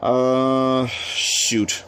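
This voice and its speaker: A man doing let's play commentary, thinking out loud and reading the game's text aloud in a chatty way. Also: mid-range voice, completely flat delivery, very slow, a little hiss or hum. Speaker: game streamer.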